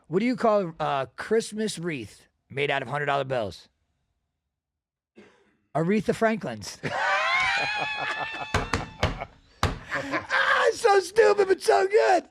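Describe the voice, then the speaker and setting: A podcast host spins a profane, animated story in casual chat. His voice sits on the higher side with a gravelly rasp. The sound is dry and close. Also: no room sound. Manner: profane, animated storyteller with bursts of loud laughter.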